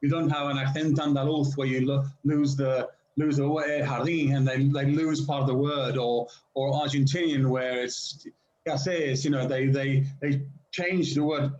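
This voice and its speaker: Englishman talking slowly on a muffled call. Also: medium pitch, fairly even intonation, a little mellow. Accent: standard southern British English. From England. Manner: speaks slowly and deliberately with many restarts. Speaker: guest speaker in a language-learning video call. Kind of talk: casual conversation. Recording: roomy, muffled video call audio.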